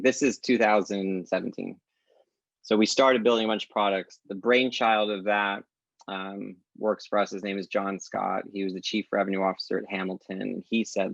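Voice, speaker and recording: A man with a low, gravelly voice talks as a podcast guest, animated and quick to act out bits of dialogue. The recording is dry and a little dull, with a lo-fi edge. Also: dry recording. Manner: animated storyteller acting out quoted dialogue. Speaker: guest, tech company founder. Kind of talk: casual podcast conversation.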